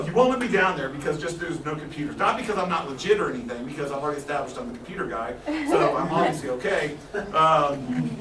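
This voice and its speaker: A high-voiced man tells a story to a live audience, animated and quick with asides. He laughs often. The recording is noisy and roomy, with the mic set back from him. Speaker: guest speaker. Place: meeting room with audience. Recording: echoey room, far from mic, noisy.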